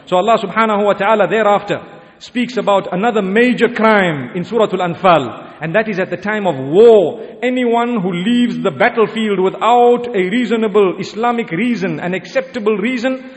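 A man's voice: sits high, normal speed. A man preaching a sermon in an earnest, exhorting way, rising for emphasis. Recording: long hall reverb.

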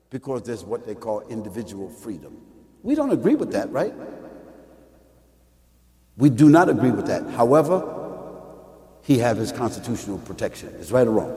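A man preaching a televised sermon. He swings from low muttering to shouting and keeps asking "right or wrong?". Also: expressive, a little fast, big-room sound. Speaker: Muslim preacher.

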